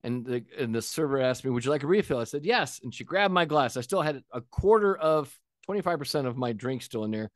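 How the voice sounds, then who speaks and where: Blunt, animated man on restaurant service. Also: medium pitch, brisk, few pauses, no echo, studio quality. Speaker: restaurant consultant. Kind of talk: business talk with stories.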